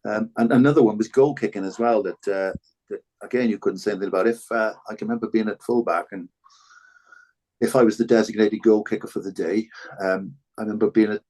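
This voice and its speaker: A man's voice: lowish voice, steady tone, quick pace, darkish tone. An older Welsh man, a former rugby fullback, talking reflectively as a podcast guest, often repeating words and restarting. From Wales. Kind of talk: reflective interview talk.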